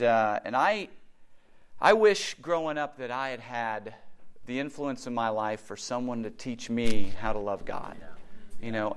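Smooth and medium-pitched, this middle-aged man's voice carries a sermon built on animated storytelling, with quotes he acts out.

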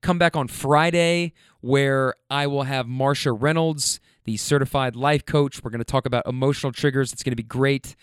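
A man's voice: medium pitch, fairly even intonation, moderate pace, few pauses, clean tone, dry recording, clean studio sound. A young man hosting a casual podcast, joking and rambling loosely about sports with lots of fillers. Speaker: podcast host.

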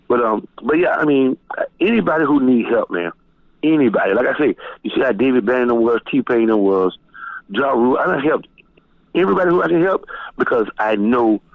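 A middle-aged man from Florida, telling stories as a guest DJ in a loose, profane, animated way. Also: moderate pace, long pauses, no room sound. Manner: animated, profane, jumps high when quoting people. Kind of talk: casual storytelling interview. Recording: tinny phone-line sound, dry.

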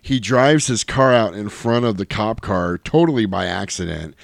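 Animated man retelling a film scene by scene. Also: moderate pace, gravelly, no room sound, studio quality. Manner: animated storyteller, mimics characters in high silly voices, swears. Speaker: podcast host recapping a film. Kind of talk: casual chat.

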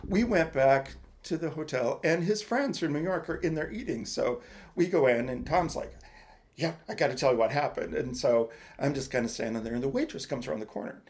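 A man co-hosting a podcast, telling a personal story in a halting, rambling way with lots of restarts. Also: a little high, animated, darkish tone. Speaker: podcast co-host. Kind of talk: casual chat, personal story.

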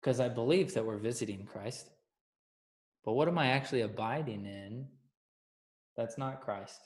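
A man's voice: mid-range voice, normal speed. A man giving a casual, playful sermon that keeps asking the audience questions. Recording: echoey room.

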